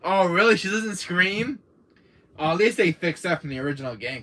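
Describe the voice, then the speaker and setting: Animated man chatting about video games. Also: high-pitched, moderate pace, slight background noise. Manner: animated, laughs often. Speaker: gaming channel host. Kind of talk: casual gaming chat.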